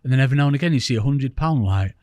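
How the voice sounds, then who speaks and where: A man's voice: mid-range voice, lively intonation, very fast, dark tone, no echo. A man from England, a podcast guest and angler, telling stories in a chatty, rambling, self-mocking way. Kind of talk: casual storytelling interview.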